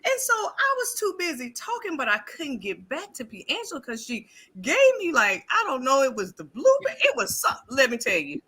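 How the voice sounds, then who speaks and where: A woman tells a story in a bright, ringing voice that swoops high and low. She laughs often and acts out each person's lines as she goes. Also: wildly swooping pitch, normal speed. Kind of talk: casual chat.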